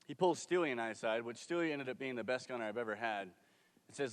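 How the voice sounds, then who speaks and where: A man's voice: medium pitch, animated, fast talker. Young veteran telling his story on stage. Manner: earnest, conversational storytelling. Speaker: military veteran. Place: theater stage. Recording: long hall reverb from a stage.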